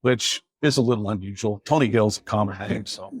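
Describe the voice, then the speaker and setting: A man with a somewhat low voice tells a police story in a relaxed, wry way. He livens up when he quotes the people in it. The sound is dry and close, with no room echo. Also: brisk, slightly rough. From Seattle area. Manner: wry, animated when quoting others. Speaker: police officer telling a story. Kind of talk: casual storytelling.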